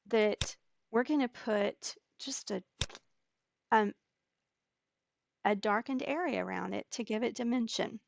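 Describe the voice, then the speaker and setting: A woman teaching a digital scrapbooking layout step by step, talking slowly and patiently with occasional fillers. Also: mid-range voice, gravelly, a little hiss or hum. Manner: slow, step-by-step explaining with fillers. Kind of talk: screen-recorded software tutorial.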